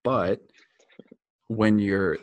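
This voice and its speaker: A man's voice: fairly low pitch, drawn-out words, lo-fi sound. A man in casual conversation who talks candidly and reflectively and swears freely.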